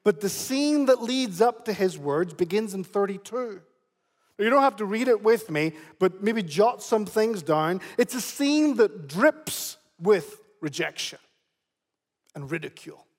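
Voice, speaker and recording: Pastor guy preaching, high voice, keeps repeating himself for emphasis, lots of hall echo. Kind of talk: sermon. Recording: long hall reverb.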